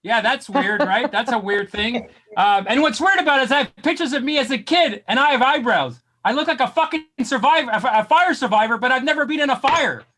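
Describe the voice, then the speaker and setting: Male stand-up comic, deadpan, bright and high, on a video call. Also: fairly quick, a little hiss or hum. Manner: deadpan, self-deprecating, bursts into shouts. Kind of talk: stand-up set.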